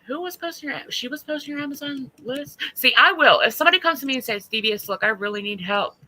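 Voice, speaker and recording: A woman's voice: high voice, fast talker. A woman hosting a livestream, talking bluntly and with lots of swearing as she tells stories. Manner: blunt, profane, animated storytelling. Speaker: livestream host. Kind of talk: casual livestream chat.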